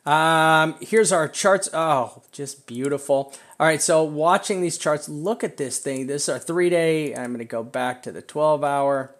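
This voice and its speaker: A middle-aged man with a slightly high voice hosts a live stream and talks viewers through trading charts. He rambles, gets excited and laughs often. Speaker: crypto chart analyst host.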